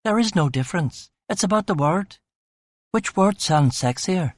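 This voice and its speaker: A man's voice: high voice, animated, moderate pace, dry recording, voice pushed up. A man voicing a playful young woman. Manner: teasing, giddy questions.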